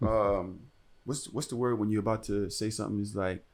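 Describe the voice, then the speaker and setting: A young man hosting a podcast tells a story in casual chat, his fairly low voice moving fairly quickly. He's animated and profane, swinging into loud acted-out quotes as he voices the people in it.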